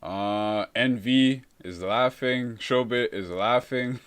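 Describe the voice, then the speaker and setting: A young man hosting a relaxed live stream, reading viewer comments and calling everyone bro. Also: mid-range voice, slow pace, clear, resonant tone. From Canada. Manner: laid-back, calls everyone bro.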